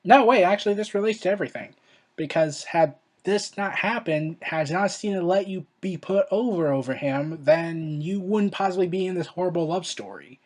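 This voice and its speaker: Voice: medium pitch, moderate pace, darkish tone. Rambling, exasperated wrestling vlogger. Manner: rambling, exasperated, self-correcting. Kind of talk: casual opinionated commentary.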